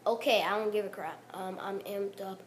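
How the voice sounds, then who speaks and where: A woman commentating a video game she is playing, excitable, full of exclamations and trash talk. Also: mid-range voice, moderate pace, slight background noise. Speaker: gaming commentator. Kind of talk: gameplay commentary.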